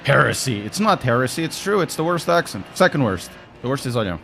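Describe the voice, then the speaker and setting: A man's voice: mid-range voice, very animated, fast talker, creaky, a bit bright, a little hiss or hum. A young man with a Portuguese accent from Portugal, chatting casually to his stream chat while sim racing, wry and talkative.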